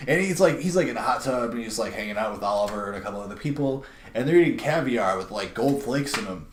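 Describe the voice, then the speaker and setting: A young man in casual chat, rambling and animated as he recaps a story. His voice sits mid-pitched. The room around him is roomy and echoing. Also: fast, slight background noise. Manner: rambling, animated retelling with many "like" fillers. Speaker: podcast host.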